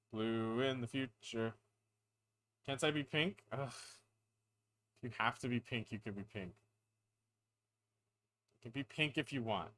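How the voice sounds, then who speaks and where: A man's voice: mid-range voice, a bit bright. A tired man chatting casually on a live stream, rambling, playful and self-deprecating.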